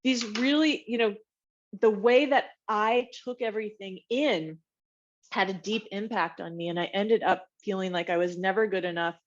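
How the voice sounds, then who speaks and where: A woman's voice: mid-range voice, normal speed. A woman guest recounts her childhood in a candid, reflective tone, slipping into the voices of people from her past. Her sound is a little dull and lo-fi. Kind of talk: personal story in a podcast interview.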